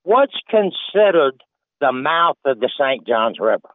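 A man's voice: mid-range voice, big pitch swings, unhurried, no room sound. An older man calling in to a radio show, rambling in a folksy way. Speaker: caller. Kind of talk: phone-in chat. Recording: tinny phone line.

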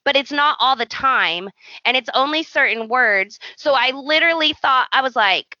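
A woman's voice: high voice, normal speed, dry recording, muffled recording. A woman co-hosting a podcast, chatting casually and acting out quoted lines as she tells a story. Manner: animated storytelling, acts out quotes. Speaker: podcast co-host. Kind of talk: casual chat.

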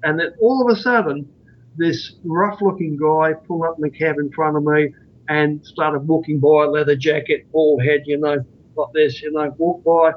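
A man with a somewhat high voice speaks at a normal pace in a steady tone, with slight background noise. He is a guest author on out-of-body experiences, telling a long anecdote in a rambling, earnest way during a podcast interview. The recording is dull and lo-fi.

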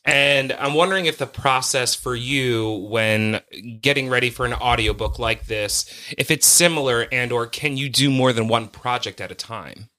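A man co-hosting an interview, asking questions slowly and deliberately. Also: medium pitch, pushed and bright. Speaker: podcast co-host.

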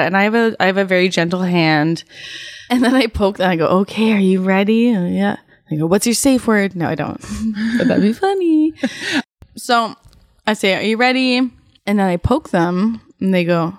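A woman's voice: medium pitch, lively intonation, normal speed, dry recording. Giggly foul-mouthed woman, dry close mic. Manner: giggly, swears a lot. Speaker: tattoo artist guest. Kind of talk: casual podcast chat.

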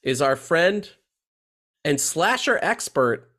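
A man's voice: on the high side, very animated, slow, a bit bright. A man hosting a casual podcast, congested from a head cold, profane and joking as he talks. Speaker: podcast host.

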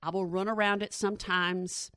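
A woman's voice: mid-range voice, normal speed, no room sound, clean studio sound. A woman in her forties telling a stand-up comedy story on stage through a lapel mic. She talks straight to the audience and acts out the voices of the people in her story. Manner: animated, addresses the audience directly, acts out quoted voices.

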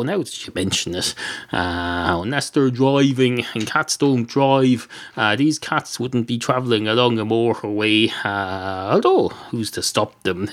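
An Irish man improvising a rambling story, digressing, swearing casually and filling his pauses with "uh". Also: medium pitch. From Ireland. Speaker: podcast host.

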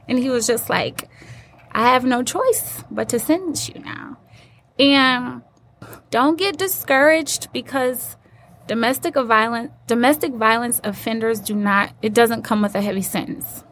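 A woman with a fairly high voice tells her own story as an interview guest. She is earnest and acts out the people she quotes. Faint background noise sits under the voice. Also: a bit bright.

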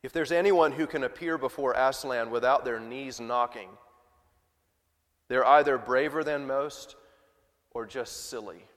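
A motherly, frank female beaver, as a male preacher puts her on while reading aloud. Her voice is soft and dropped low, the tone of a storybook, and a long reverb hangs in the church around it. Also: a little slow, natural voice. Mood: homely.

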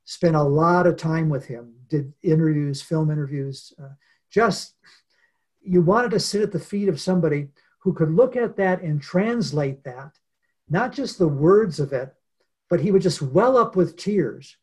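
Earnest storytelling man, slightly high voice. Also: a little mellow, husky. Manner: earnest, unhurried, with frequent pauses and fillers. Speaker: interview guest, author. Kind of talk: reflective storytelling in conversation.

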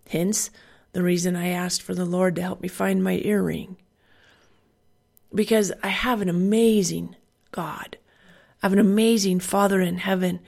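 A woman's voice: mid-range voice, vocal fry, darkish tone. A woman and parent giving an earnest Christian devotional talk, building her points by repeating phrases.

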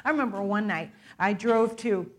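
A woman preaching to a church in a candid, conversational way, quick to laugh at herself as she shares a personal story. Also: medium pitch, heavy background noise. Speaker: guest preacher. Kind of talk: informal sermon with personal testimony. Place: church sanctuary.

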